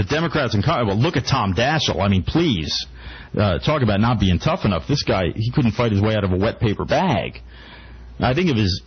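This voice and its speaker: A man's voice: medium pitch, slightly rough. A man hosting talk radio, delivering a mock-earnest satirical rant full of stumbling restarts. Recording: muffled radio broadcast.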